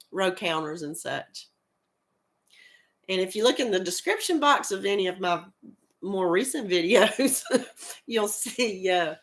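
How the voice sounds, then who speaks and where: Woman, middle-aged, rural American accent, has a cold, laid-back slow pace, lively pitch, chatty live stream host. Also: gravelly. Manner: chatty, laughs often, greets viewers by name. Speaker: crochet channel host. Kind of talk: casual live stream chat.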